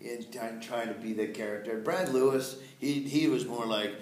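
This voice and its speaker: A man with a Southern US accent, a voice actor chatting as an interview guest, telling lively stories and slipping into voices. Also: mid-range voice, moderate pace. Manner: lively storyteller, slips into quoted voices. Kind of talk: casual interview chat. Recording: echoey room, faint background noise.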